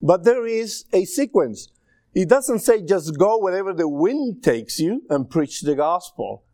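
Middle-aged male preacher, native Spanish speaker with an accent, chatty sermon style, pitched a bit high. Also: sing-song, a little slow, mellow, dry recording, studio quality. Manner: conversational, checks in with the audience.

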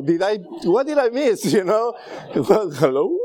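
Middle-aged male preacher, native Spanish speaker with an accent, chatty sermon style, pitched a bit high. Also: big pitch swings, moderate pace, darkish tone. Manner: conversational, checks in with the audience.

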